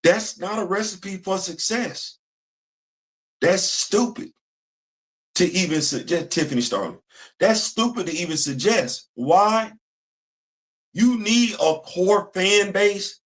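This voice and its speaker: A man hosting a commentary channel, talking in a casual, animated way, repeating phrases and answering himself with call-and-response. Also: high-pitched, slow, long pauses.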